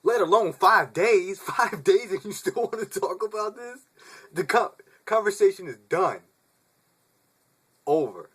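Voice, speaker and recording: A man's voice: high-pitched, expressive, unhurried, long pauses, a bit bright, slightly rough. A young man vlogging in a casual, laid-back rant, swearing freely, laughing often and calling the listener dude.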